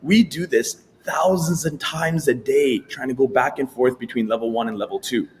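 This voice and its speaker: A man in his middle pitch range, speaking as a guest coach on a podcast. He explains things step by step and slips into lively, acted-out inner voices to show his points. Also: normal speed, a little hiss or hum. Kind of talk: explanatory interview talk.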